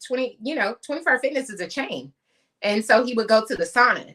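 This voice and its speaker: A woman's voice: a little high, expressive, fairly quick, a bit bright. A woman from the US West Coast co-hosting a podcast, chatty and emphatic as she tells stories. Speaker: podcast co-host. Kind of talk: casual podcast chat.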